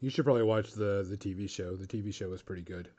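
A man co-hosting a casual podcast chat, laid-back and quick to laugh. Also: on the low side, mellow. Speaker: podcast co-host. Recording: dull lo-fi audio.

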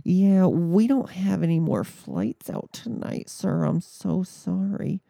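A flustered female airline desk agent played by a man speaks in a high, strained customer service voice. She stumbles over her words and draws them out slowly. The sound is dry and close. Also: sing-song, creaky, warm tone, no room sound, exaggerated voice.

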